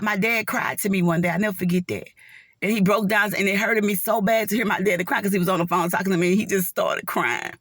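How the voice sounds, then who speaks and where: A nurse, a middle-aged woman, shares a heartfelt, earnest faith testimony with viewers in casual talk, often calling them y'all. Her voice is on the low side and fairly bright, recorded as clean studio sound without echo.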